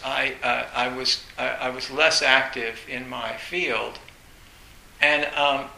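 A man giving a Zen dharma talk, telling personal stories in a halting way, restarting words and laughing now and then. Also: medium pitch, vocal fry, bright, forceful tone. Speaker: Zen teacher. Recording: echoey room with faint hiss.

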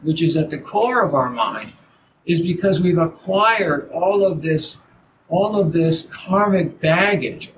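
An older man teaching Zen in a halting dharma talk, full of restarts and "you know"s. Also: fairly high pitch. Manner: halting, repeats words, many "you know"s. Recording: noisy background.

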